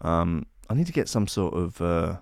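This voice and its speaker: Brief: male podcast host, sarcastic and theatrical, lively swooping voice, slightly high, dry close mic. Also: moderate pace, gravelly, smooth, no echo. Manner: sarcastic, mock-outraged, theatrical. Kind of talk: comedic monologue.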